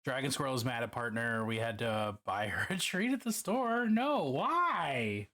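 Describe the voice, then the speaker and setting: Lively, swearing man chatting on stream. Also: mid-range voice, unhurried. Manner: chatty, profane, greets viewers by name. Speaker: streamer painting miniatures. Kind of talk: casual live-stream chat.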